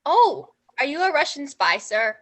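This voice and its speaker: Woman playing little girl, blunt, childlike, high, bright. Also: big pitch swings, unhurried, heavily acted. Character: blunt little girl hosting her party. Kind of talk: improv comedy.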